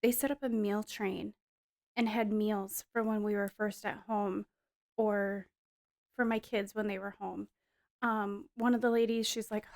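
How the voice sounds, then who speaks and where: A woman's voice: mid-range voice, level tone, measured pace, darkish tone, no room sound, studio quality. A woman in her thirties giving an earnest, emotional personal testimony in a casual storytelling way, with frequent fillers. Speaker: wife sharing a testimony.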